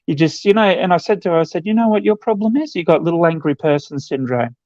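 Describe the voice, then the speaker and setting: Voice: mid-range voice, animated, fast, darkish tone, no room sound, muffled recording. A guest on a casual stream telling a story bluntly and with heavy swearing.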